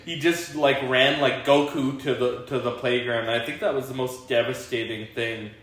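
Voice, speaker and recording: A man's voice: medium pitch, steady tone, normal speed, a bit bright. Rambling man in an echoey room. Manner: rambling, laughs often, many fillers. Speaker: podcast host. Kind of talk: casual chat. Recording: very echoey room, faint hiss.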